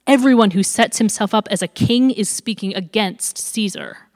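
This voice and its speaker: Angry accusing crowd read by a woman, loud demanding shouts, reverberant hall. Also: mid-range voice, moderate pace, natural voice.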